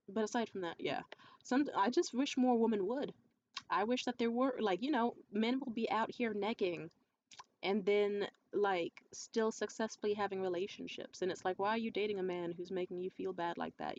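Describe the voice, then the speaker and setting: A young woman telling stories straight to camera, blunt and foul-mouthed, with a lot of push behind her words. Her voice sits at an ordinary middle pitch. The recording has a slightly dull, lo-fi sound. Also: normal speed, a little hiss or hum. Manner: blunt, profane, animated storytelling. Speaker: vlogger. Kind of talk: casual vlog monologue.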